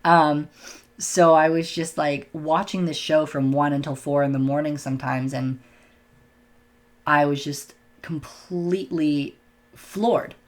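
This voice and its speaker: A man's voice: on the high side, steady tone, slow. A young man telling a personal story to the camera in a casual, candid way, self-conscious and sometimes stumbling over his words. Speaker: vlogger.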